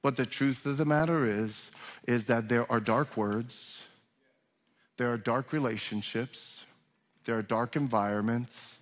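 A man preaching a sermon as pastor, talking conversationally with frequent restarts and rising in emphasis on key points. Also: medium pitch. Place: church sanctuary. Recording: long hall reverb.

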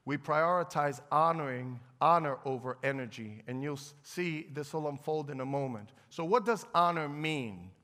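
Male pastor, sermon, fairly high voice, long reverb of a large church hall. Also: normal speed, few pauses, sharp tone. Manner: conversational preaching, repeats phrases, asks for amens. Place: church sanctuary.

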